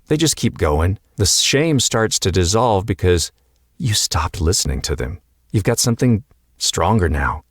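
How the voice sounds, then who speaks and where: Calm earnest man, low voice. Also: no echo, studio quality. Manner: calm, earnest, encouraging, with slow emphatic pauses. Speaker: podcast host and coach. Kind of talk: reflective motivational talk.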